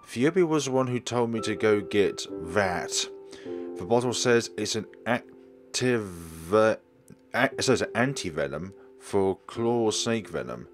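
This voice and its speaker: A calm, caring young companion in a horror game, read by a man. He talks gently and earnestly in a very deep voice, with faint music in the background. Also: slow pace.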